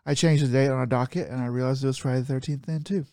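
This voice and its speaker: A man's voice: mid-range voice, fairly even intonation, racing, darkish tone, no echo, studio quality. A man co-hosting a podcast over a call, chatting casually, laughing often and getting worked up. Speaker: podcast co-host. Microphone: remote call mic.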